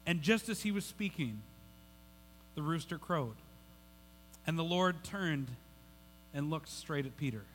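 Guy preaching a sermon, high bright voice, keeps restarting his sentences, long echoey church hall. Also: lively intonation, unhurried, long pauses, slight background noise. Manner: conversational, repeats words, restarts sentences. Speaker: pastor.

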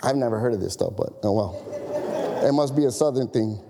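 Man, pastor, lively conversational sermon, warm mellow tone, long hall reverb. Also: medium pitch, a little fast. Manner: animated, conversational preaching with rhetorical questions.

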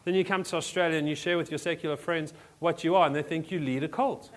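A South African pastor preaches a sermon in church in a conversational manner, restarting often and filling his speech with fillers. His voice is slightly high with fairly even intonation, and he talks fast.

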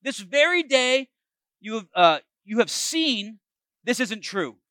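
A young fugitive warrior pleading his case to a king, read aloud by a man. The voice sits high and swings widely. It is bright and dry. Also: very animated, slow, no echo, full character voice. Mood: earnest pleading.

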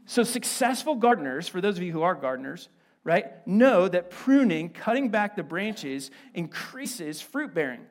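Pastor, male, fairly high voice; lively, chatty sermon delivery with joking asides. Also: unhurried. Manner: animated, conversational, playful asides. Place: church.

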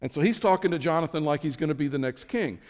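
A man's voice: fairly high pitch, animated, fast, a little mellow, big-room sound. A man preaching a sermon as pastor, conversational, with frequent restarts and asides.

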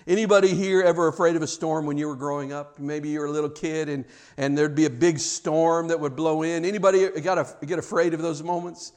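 A man preaching a sermon with a slightly higher-than-usual voice. His delivery is dramatic, swelling to loud, emphatic questions and sinking to soft, hushed phrases. He slips in light jokes along the way. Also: steady tone, brisk, few pauses, smooth. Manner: humorous asides. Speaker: pastor.

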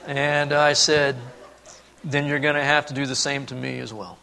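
A man preaching a sermon, telling a family story and then speaking earnestly and softly about God's love. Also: mid-range voice, little pitch movement, normal speed, creaky, slight background noise. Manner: storytelling, then earnest and hushed on key points. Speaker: pastor.

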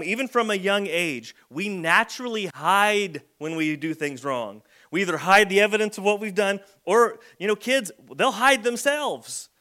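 A man's voice: sits high, bright, forceful tone. A man preaching a conversational sermon as a pastor, telling everyday stories. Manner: conversational storytelling with acted kid voices.

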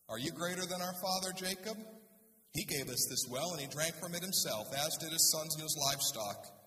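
Bright-voiced male pastor in echoey hall. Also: fairly high pitch. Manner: conversational preaching with rhetorical questions. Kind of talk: sermon. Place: church sanctuary. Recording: echoey hall, speaker far from mic.

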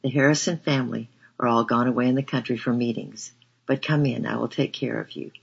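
A man reading aloud voices a young woman who speaks slowly and kindly, raised above his usual pitch. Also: steady tone, vocal fry, slightly rough, lo-fi sound. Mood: welcoming. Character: young Chinese woman, gentle and welcoming.

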